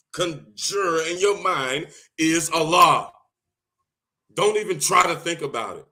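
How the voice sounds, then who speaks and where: A man talking loudly and excitedly in a solo monologue, often repeating himself for emphasis. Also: sits high. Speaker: video host giving religious advice. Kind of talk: impassioned solo monologue to camera.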